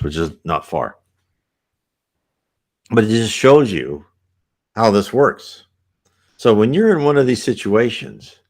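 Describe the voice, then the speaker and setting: A man with a low voice reads aloud and often stops to explain in a loose, conversational way. His pitch swings widely, giving the talk an animated feel. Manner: conversational asides, many restarts. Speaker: teacher reading a book aloud. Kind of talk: reading with commentary.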